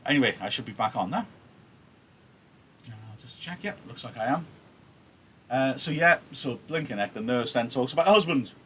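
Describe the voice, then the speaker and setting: A male teacher, talking casually through a livestreamed lesson. His voice sits at a middle pitch but moves around a lot, with quick, wry asides. A faint noise hums underneath. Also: expressive, fairly bright tone.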